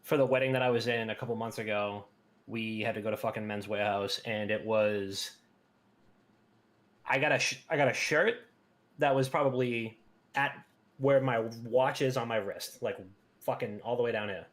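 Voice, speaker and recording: A man's voice: mid-range voice, normal speed, fairly bright tone. A young man co-hosting a gaming podcast, chatting in a laid-back, profane, sympathetic way. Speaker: podcast co-host. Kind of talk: casual chat.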